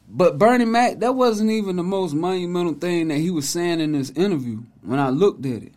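Male vlog host with a higher voice, emphatic and preachy in a casual way. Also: brisk, hardly any pauses, a little mellow. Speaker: host, commentator.

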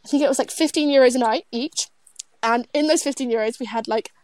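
A chatty young British woman co-hosting a podcast, with a high voice full of giggles and fillers. The sound is dry and close, with no room in it. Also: quick pace, a little mellow, no echo. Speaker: podcast co-host. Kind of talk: casual podcast chat.

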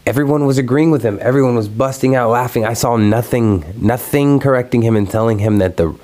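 A man's voice: medium pitch, fairly quick. A young man hosting his own video, ranting casually and profanely about something that annoyed him online. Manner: profane, exasperated, animated ranting. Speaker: video host. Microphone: recorded alone at home.

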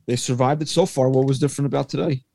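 A man of middle pitch speaks in an even, skeptical way, questioning his co-host's points. The recording is dry and close. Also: fast, creaky, no room sound. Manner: calm, skeptical, pushes back. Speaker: sports podcast co-host. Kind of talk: casual sports talk.

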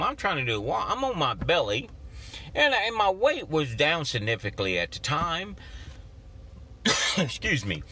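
A man's voice: high voice, bright, forceful tone. A man hosting a motivational podcast, talking in a folksy, preacherly way and acting out his own inner voices. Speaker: podcast host.

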